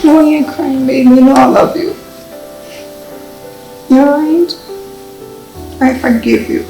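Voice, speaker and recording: A woman's voice: sits high, fairly even intonation, unhurried, creaky, reverberant, soft background music, low-quality recording. A woman playing a stern loving mother. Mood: tender. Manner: scolding, pleading, then soft and tender. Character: stern loving mother scolding her only daughter. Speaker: actor in a drama. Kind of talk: film drama acting.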